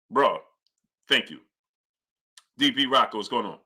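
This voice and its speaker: A man hosting a live boxing stream, greeting viewers by name and arguing his points forcefully. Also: mid-range voice, lively intonation, a little slow, long pauses, husky. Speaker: boxing channel host. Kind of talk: live-stream chat and commentary.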